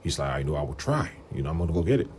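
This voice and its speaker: Deep-voiced man telling a story. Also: very fast, a little hiss or hum. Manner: animated, rambling, quotes people in raised voices. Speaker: livestream host. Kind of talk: casual storytelling on a livestream.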